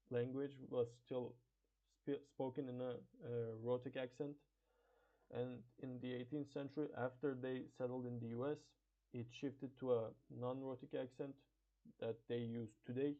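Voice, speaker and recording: Halting man with tinny audio. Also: medium pitch, darkish tone. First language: Turkish. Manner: halting, many fillers and restarts. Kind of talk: classroom presentation on pronunciation.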